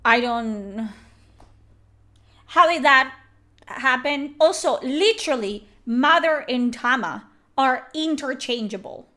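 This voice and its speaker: A woman's voice: high voice, animated, slow, fairly bright tone. A young woman streaming a game and ranting about it, exasperated and swearing freely. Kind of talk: game reaction commentary.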